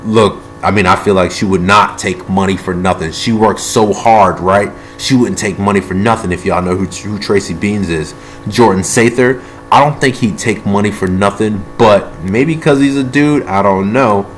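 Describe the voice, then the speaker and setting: A man's voice: on the low side, moderate pace, faint music behind. A man from the United States delivering a heated, rambling political monologue. He repeats himself, restarts sentences, swears now and then, and speaks from among his tools. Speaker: political video blogger.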